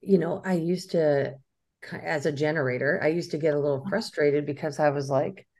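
A woman co-host of a podcast, chatting in a relaxed, reflective way. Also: deep voice, normal speed. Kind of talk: casual chat.

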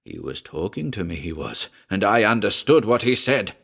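A man playing a gruff, haunted old sea captain. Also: fairly low pitch, sing-song, normal speed, a bit bright, full character voice. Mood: agitated. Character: weathered old sea captain, brooding and superstitious.

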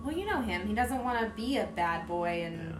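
A woman's voice: medium pitch, animated, moderate pace, music in the background. A woman joking and chatting casually as she reacts to a show with a co-host, with lots of fillers. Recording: echoey room.

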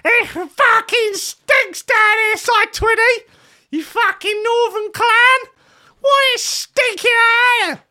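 A man voicing a foul-mouthed female coworker, shouting in a very high pitch. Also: takes it slowly, full character voice. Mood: angry disgust.

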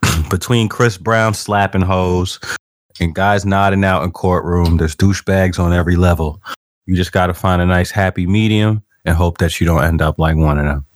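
A man's voice: low-pitched, steady tone, moderate pace, no echo, clean studio sound. A man giving blunt, laid-back opinions in casual podcast chat. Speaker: podcast co-host.

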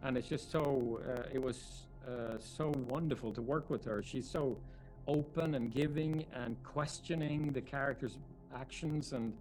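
A man, a film director, answering press interview questions in a thoughtful, halting way with many fillers. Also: medium pitch, a little mellow, faint music behind, rough recording.

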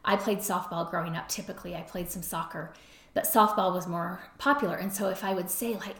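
A middle-aged woman hosting an advice podcast, talking in a relaxed conversational way and often tagging her points with "right?". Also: on the low side, a little fast. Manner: conversational, frequent "right?" tag questions. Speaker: podcast host and counselor. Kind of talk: advice talk. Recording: roomy echo.

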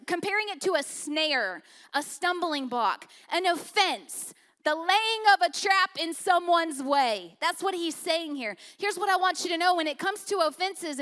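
A woman pastor giving a sermon in a conversational, humorous way. She swings from loud emphasis down to hushed, intimate lines. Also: very high voice.

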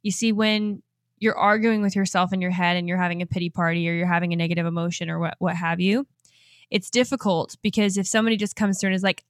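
A woman in her twenties hosting a motivational podcast, energetic and enthusiastic and quick to laugh. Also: fairly low pitch, no room sound, clean studio sound. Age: 20s. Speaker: podcast host and life coach. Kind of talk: upbeat motivational podcast talk.

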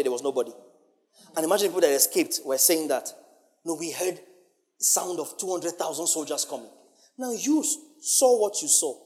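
A male pastor delivers a sermon with a very lively, wide-ranging pitch, swinging from booming declarations to hushed phrases. His voice carries a long reverb, as if filling a large hall.

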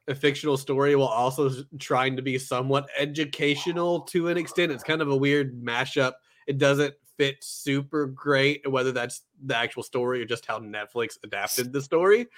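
A young man co-hosting a casual anime review podcast, relaxed and rambling with lots of fillers. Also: medium pitch.

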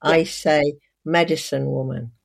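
Lower-voiced woman author, thoughtful guest. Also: fairly even intonation, unhurried, vocal fry. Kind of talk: casual interview chat.

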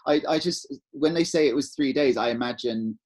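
Husky man chatting. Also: medium pitch, moderate pace. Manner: animated, rambling storyteller. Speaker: podcast co-host. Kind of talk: casual chat.

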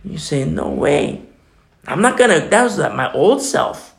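A man preaching a sermon, animated, acting out little dialogues as he teaches. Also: a little high, unhurried, gravelly. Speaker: pastor.

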